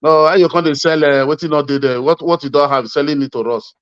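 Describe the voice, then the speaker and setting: A man's voice: fairly high pitch, steady tone, brisk, no echo, dull audio. A man from Edo State speaking Nigerian Pidgin, arguing politics insistently and repeating his points, calling the listener "my brother". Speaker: interviewee. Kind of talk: heated political argument.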